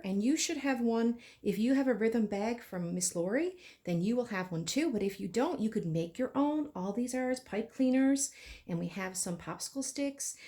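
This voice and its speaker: A woman teaching a children's music lesson, speaking slowly and encouragingly to young children. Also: a little high, dark tone.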